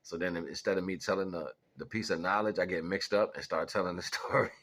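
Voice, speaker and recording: Sitting low in pitch with a fairly bright tone, this man talks briskly in a casual storytelling monologue. He's a vlogger drifting through life lessons and anecdotes, frequently laughing and putting on voices.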